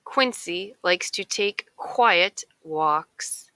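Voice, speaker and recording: A woman reading a children's picture book aloud in a slow, expressive storytelling way. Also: on the low side, dry recording. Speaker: narrator.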